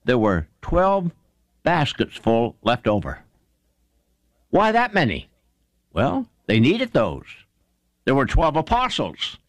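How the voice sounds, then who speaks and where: A man preaching a sermon and retelling Bible stories with fervour, rising sharply in pitch to stress points and calling his listeners friends. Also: dry recording. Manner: fervent storytelling preacher, swings pitch up for emphasis.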